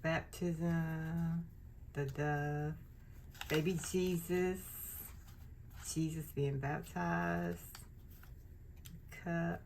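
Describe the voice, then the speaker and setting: Slow-talking, gushing woman. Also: deep voice, little pitch movement, vocal fry, darkish tone, slight background noise. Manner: gushing, effusive. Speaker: channel host. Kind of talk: casual unboxing vlog.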